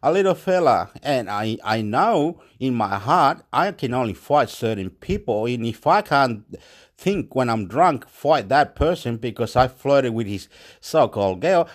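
A man from Chile, talking in a rambling, profane monologue in broken English that jumps between loud and soft. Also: medium pitch. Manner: excitable, repetitive, swings loud and soft.

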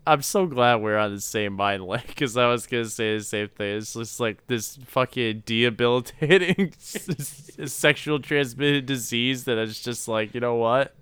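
A man with a very crisp, clean voice riffs on a movie in a crude, laughing podcast chat. The sound is dry and close, with no room around him. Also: mid-range voice, unhurried, hardly any pauses, fairly bright tone, dry recording. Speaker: podcast co-host. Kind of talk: casual comedic chat.

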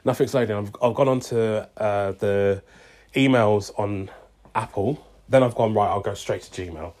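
A man's voice: on the low side, unhurried, a little mellow. A young man telling a long story casually, acting out both sides of a conversation with lots of "I was like" and "she's like".

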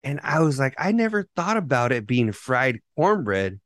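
A man's voice: medium pitch, big pitch swings, moderate pace, fairly bright tone. A man co-hosting a casual podcast, telling loose stories packed with profanity and restarts. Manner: loose, profanity-heavy storytelling with rambling restarts. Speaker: podcast co-host. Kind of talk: casual chat.

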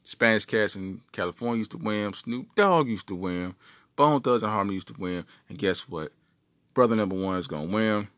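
A man, co-host of a podcast, telling an animated, joking story from his youth. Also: on the low side, a little fast, dry recording, studio quality. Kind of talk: comic storytelling.

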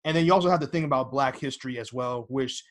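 A man's voice: medium pitch, quick pace. Rambling young man hosting a podcast. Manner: rambling, filler-heavy, restarts often. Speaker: podcast host. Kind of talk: casual podcast chat.

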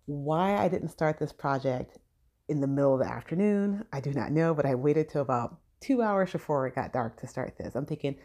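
Chatty Southern California woman, low voice, casual storytelling, plays out quotes. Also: lively intonation, normal speed, mellow. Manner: chatty, acts out quoted dialogue. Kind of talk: casual personal anecdote.

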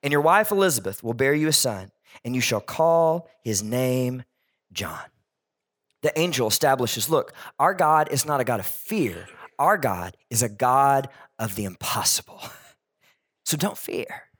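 A man preaching a sermon, animated and joking, acting out the characters he quotes. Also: mid-range voice, unhurried. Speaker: pastor.

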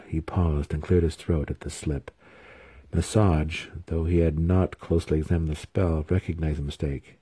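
A man narrating a fantasy novel as an audiobook reader, in a measured, even storytelling manner. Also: rumbling low, slightly rough, no room sound.

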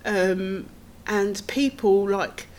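A middle-aged woman tells her own story as a podcast guest. She talks earnestly in tumbling runs, with a nervous laugh now and then. Her voice sits at an ordinary pitch, with a faint hiss of room noise behind her. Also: drawn-out words. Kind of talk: personal storytelling.

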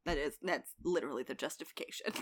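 A woman's voice: deep voice, fast, husky. A woman co-hosting a podcast, adding wry, joking commentary in casual chat. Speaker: podcast co-host.

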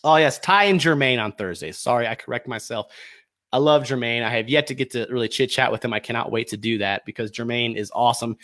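A fired-up man hosting his own podcast, ranting heatedly and then calmly giving plugs. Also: mid-range voice, fast talker. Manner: fired up, shouting accusations, then calm plugs. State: sweating, worked up. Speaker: podcast host. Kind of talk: heated political rant.

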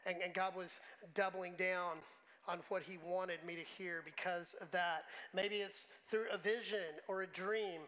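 A man's voice: high-pitched, steady tone, measured pace, bright, forceful tone, rough recording. A man preaching a sermon as pastor, talking conversationally and emotionally, often restarting his words.

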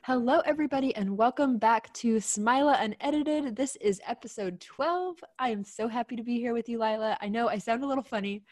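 A woman co-hosting a casual podcast, talking with a stuffy voice from a cold, chatty and quick to laugh. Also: fairly high pitch, a little mellow. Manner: chatty, laughs easily, trails off searching for words. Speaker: podcast co-host. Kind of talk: casual chat.

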